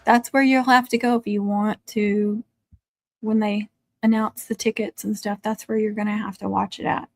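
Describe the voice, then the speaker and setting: A woman hosts a craft livestream from her country home, chatting casually with viewers, laughing often and cooing to her dogs. Her medium-pitched, creaky voice has little pitch movement and a normal speed, with no room sound.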